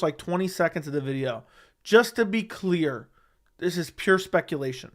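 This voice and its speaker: Reading viewer comments on his laid-back home MMA livestream, this host responds in a defensive, argumentative manner and keeps repeating himself. His slightly high, somewhat bright voice has lively intonation at a normal speed, picked up by a studio dynamic mic.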